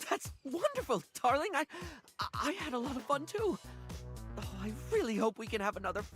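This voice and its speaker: A woman's voice: sits high, very animated, a little fast, music in the background. A woman voicing a gushing, theatrical female character in a video game who calls people darling.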